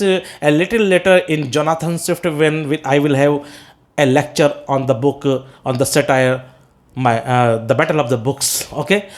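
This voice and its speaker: An English teacher with an Indian English accent lectures on poetry in a classroom, breaking ideas down step by step. He poses questions and answers them himself, with many "uh"s and "okay?" checks, in a voice that runs a little high.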